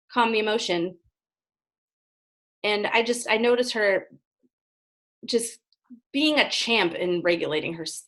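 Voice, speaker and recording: A woman's voice: medium pitch, a bit bright. A woman speaking as a guest in a casual interview, earnest and explaining at length, often checking in with "right?". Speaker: parenting guest.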